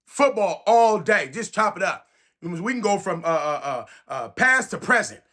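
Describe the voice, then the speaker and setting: A man's voice: high voice, normal speed. A man from San Francisco, ranting casually and emphatically to camera as a sports fan, repeating his points. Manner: animated, emphatic, repeats phrases.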